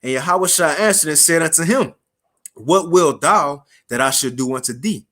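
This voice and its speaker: A man preaching a casual street sermon, reading scripture slowly and formally, then explaining it in slang and checking in with his listeners. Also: a little high, expressive, fairly bright tone.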